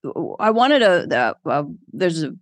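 A young woman with a slightly low voice tells her stories in a casual interview. She is animated and self-deprecating, and her laugh comes easily. The sound is close and dry, with no room around her. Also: unhurried, dry recording. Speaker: guest.

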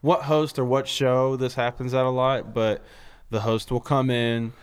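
A man, a stand-up comic, talking casually, loud and animated, swearing freely. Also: medium pitch, a little slow, smooth. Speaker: stand-up comedian. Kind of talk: casual chat.

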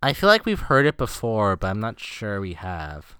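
A man co-hosting a movie podcast who recaps the plot with sardonic, profane asides. His voice is bright and clear and moves up and down a lot. The recording is dry and close. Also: fairly low pitch, wildly swooping pitch, normal speed, no room sound. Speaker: podcast co-host. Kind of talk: casual movie-review chat.

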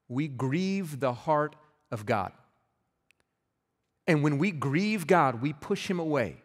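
Earnest male pastor in a reverberant hall. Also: fairly high pitch. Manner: earnest, conversational preaching with frequent restarts. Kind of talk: sermon.

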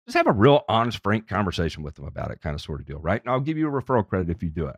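A man hosting a podcast, telling stories in a casual, profane and animated way. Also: lowish voice, very fast, hardly any pauses, husky, dry recording, studio quality.

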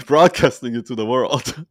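A man leading an online community, talking casually in an animated, rambling way and laughing often. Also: medium pitch, dry recording, clean studio sound. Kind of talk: casual conversation.

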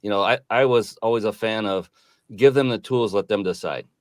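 Man, middle-aged, interview guest, low voice, reflective, earnest, dry sound. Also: normal speed, no echo. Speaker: podcast guest. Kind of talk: casual interview conversation.

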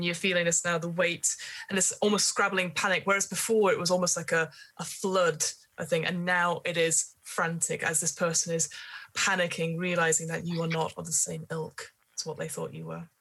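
A woman's voice: fairly low pitch, level tone, brisk, a bit bright, rough recording. A woman running a tabletop role-playing game, describing scenes in a hesitant way full of fillers. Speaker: game master.

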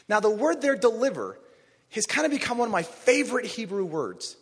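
A man preaching a sermon, telling a story with animated energy and rising to shouts on key phrases. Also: high voice, normal speed, husky. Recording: long reverb of a large hall.

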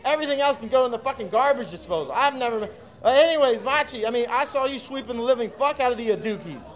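A man's voice: very high-pitched, expressive, quick pace. A man co-hosting a casual live chat, ranting sarcastically and swearing a lot. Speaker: co-host.

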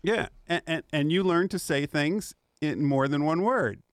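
A man's voice: a little high, measured pace, dry recording, studio quality. A man co-hosting a sports radio show, bantering in a playful, coaxing way and stumbling over repeated words.

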